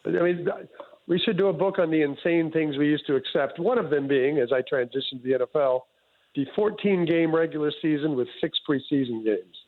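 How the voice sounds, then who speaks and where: A man's voice: a little high, fairly quick. A man, a sports columnist, chatting wryly as a guest over a phone line. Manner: chatty, wry. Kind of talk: casual phone interview.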